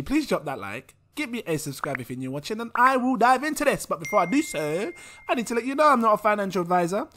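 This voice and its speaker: A man's voice: high voice, fairly bright tone. A young British man hosting a casual crypto vlog, giggly and scattered and mocking himself. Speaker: crypto vlogger.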